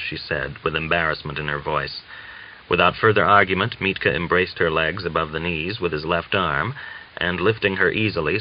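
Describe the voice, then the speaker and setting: A man with a low voice reads a novel aloud in a measured, even storytelling manner. The recording is dull and lo-fi, like an older audiobook transfer. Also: a little hiss or hum. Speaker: audiobook narrator. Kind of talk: scripted narration of a novel.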